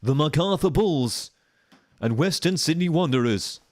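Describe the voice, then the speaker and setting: A man doing an impression of a male football commentator, putting on an English accent and a slow announcer delivery. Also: a little high, animated, no room sound, clean studio sound, pitched above the performer's own voice. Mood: announcing. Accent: English, put on.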